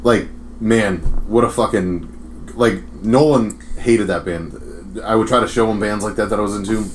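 Man, podcast co-host, casual chat, frequent swearing, lowish voice, faint background noise. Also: normal speed. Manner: swears a lot, storytelling.

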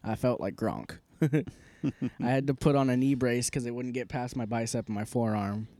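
Young man, warm mellow voice, dry close sound, laid-back, laughs easily. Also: mid-range voice, normal speed, no room sound. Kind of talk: casual chat.

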